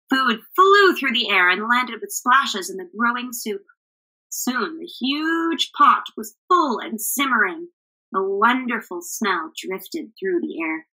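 A woman teacher reading a picture book aloud to children in a clear, expressive storytelling manner. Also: fairly high pitch, rough recording.

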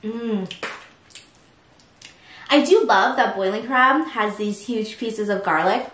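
A woman's voice: on the high side, takes it slowly, a bit bright, far from the mic. A woman hosting a mukbang, chatting casually at home between bites and laughing often. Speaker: mukbang host. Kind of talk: casual chat while eating. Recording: roomy echo from off-mic.

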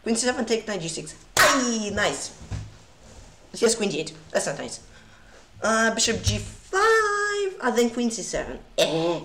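A woman's voice: mid-range voice, animated, normal speed. A woman streaming chess live, chatting with viewers and laughing often. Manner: giggly, laughs often between remarks; reads out moves and chats with viewers. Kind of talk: casual live-stream chat while playing blitz. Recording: echoey room with clear background noise.

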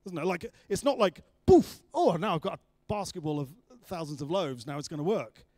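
A man preaching a sermon, telling the story with lively acted-out voices of the people in it. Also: on the high side, a little fast, no room sound, clean studio sound. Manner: animated storytelling, acting out voices of the disciples.

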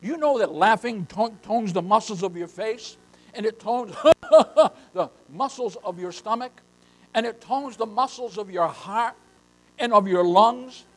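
High-voiced older man preaching. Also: measured pace. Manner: emphatic preaching, calls listeners beloved. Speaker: pastor. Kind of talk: sermon.

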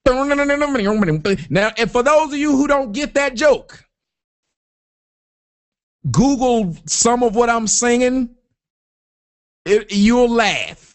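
A man hosting an online talk show, ranting loudly and profanely in a comic style. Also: extremely high pitch, extremely slow, pauses often. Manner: loud, profane, animated, breaks into sung chants. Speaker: host.

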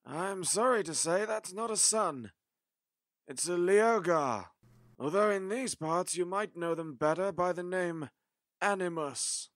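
A man's voice: high voice, lively intonation, measured pace, a bit bright, dry recording, clean studio sound. A man playing the Doctor as a grave, weary time-traveller in a fan audio drama, speaking emphatically.

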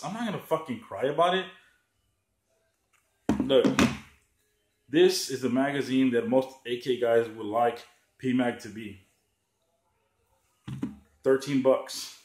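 A man's voice: medium pitch, a little mellow, a little hiss or hum. A man ranting in a profane, sarcastic vlog, often mocking others by raising his voice. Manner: heated, sarcastic, swears a lot, mocks others in a raised voice. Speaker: gun channel vlogger. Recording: echoey room.

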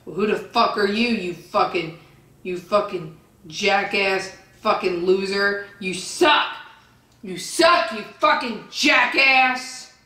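A woman vlogger reading viewer comments aloud and answering them with a profane, insulting rant, often yelling. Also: mid-range voice, takes it slowly. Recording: roomy echo, distant from the mic.

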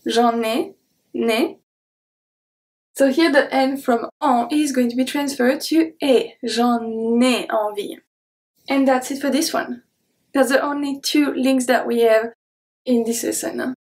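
A woman teaching pronunciation. She says each word slowly, repeats it, then explains it in English. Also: high voice, fairly even intonation, darkish tone. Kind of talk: slow, careful pronunciation lesson.

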